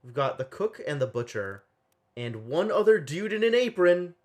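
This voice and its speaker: A man streaming a game live, puzzling aloud in an animated, exclaiming way on a desk microphone. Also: fairly high pitch, moderate pace.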